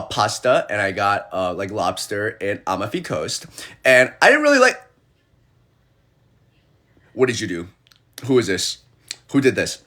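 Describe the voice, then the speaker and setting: A young man with a mid-range voice chats casually on a phone livestream. He's an animated storyteller who acts out the people he quotes.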